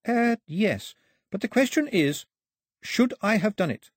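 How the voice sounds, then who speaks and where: Using an exaggerated, sing-song voice raised above his own, a man plays an earnest, flustered young girl who survived a shipwreck. He speaks high and a little slowly, in a clean studio recording with no room sound.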